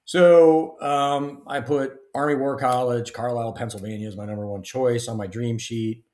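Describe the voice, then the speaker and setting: A middle-aged man, a guest author and retired army officer, telling stories in a lively, casual way. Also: medium pitch, moderate pace. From United States. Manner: animated storyteller, acts out dialogue. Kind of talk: casual storytelling interview. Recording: roomy echo.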